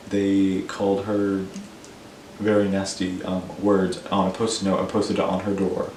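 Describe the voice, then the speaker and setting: A teenage boy vlogger tells school stories in a rambling, self-deprecating way, full of "like" and "um." His voice is fairly low, monotone, unhurried and darkish, recorded in an echoey room a little far from the mic with slight hiss or hum.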